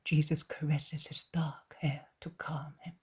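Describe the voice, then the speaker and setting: A woman narrating an audiobook in a soft, near-whispered reading voice. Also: low-pitched, level tone, measured pace, husky. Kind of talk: scripted narration.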